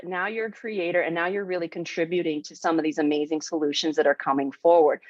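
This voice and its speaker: A woman's voice: fairly low pitch, no echo, muffled recording. A woman hosting a podcast, who responds with enthusiasm and explains her ideas in an affirming way. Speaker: podcast host. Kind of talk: conversational podcast interview.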